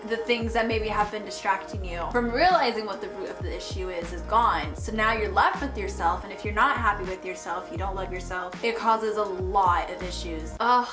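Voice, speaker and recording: A woman's voice: mid-range voice, moderate pace, hardly any pauses. Teary, rambling young woman reacting to music. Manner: emotional, rambling, fighting back tears. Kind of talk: casual reaction commentary. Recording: roomy echo with music playing behind.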